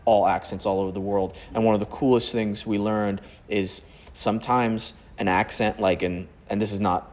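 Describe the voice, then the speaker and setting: A man's voice: fairly low pitch, steady tone, normal speed. A man from Oklahoma, an actor and podcast guest, chatting casually, explaining things at length and dropping dry one-liners.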